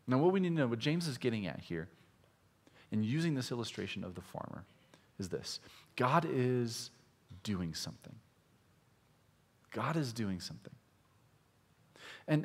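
A male pastor from Iowa preaching a conversational sermon, swinging between loud, emphatic stretches and hushed, low asides. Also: big pitch swings, moderate pace, long pauses, breathy edge, in a large hall. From Iowa, USA. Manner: conversational, with restarts and direct questions to listeners.

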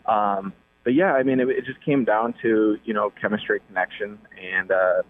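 A young man talks easily and cheerfully as a call-in guest, full of casual fillers. His voice sits a bit low and comes through a dry, tinny phone line. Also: steady tone, normal speed, no echo. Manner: easygoing, upbeat, with many fillers.

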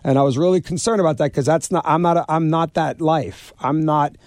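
A man, an author and restaurateur telling stories in an interview, animated and stumbling over repeated words. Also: on the high side, fairly quick, no echo. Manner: animated storyteller, acts out quoted people, repeats words. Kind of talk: storytelling interview.

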